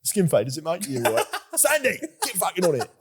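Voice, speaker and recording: Guy doing a cheeky cockney dog barber, squeaky high, all over the place. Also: big pitch swings, brisk, breathy edge, heavily acted. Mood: chirpy. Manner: brash, chirpy barber patter.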